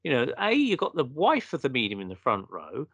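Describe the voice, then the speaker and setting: A man's voice: mid-range voice, wildly swooping pitch, a little fast, creaky, fairly bright tone, no echo. A man, a guest telling a story in a casual conversation and acting out the quotes.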